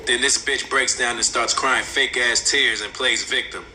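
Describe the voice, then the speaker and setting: A man's voice: medium pitch, steady tone, normal speed, sharp tone, a little hiss or hum, rough recording. A man ranting indignantly in angry commentary, swearing freely.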